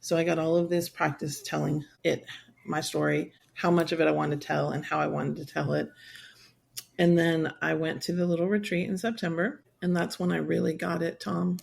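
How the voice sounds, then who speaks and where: A woman in her sixties, speaking in a podcast interview with a gravelly edge to her voice. She tells a personal story in a candid, rambling way. She slips into quick quoted voices of herself and others. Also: deep voice, steady tone, a little mellow. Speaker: guest, survivor advocate.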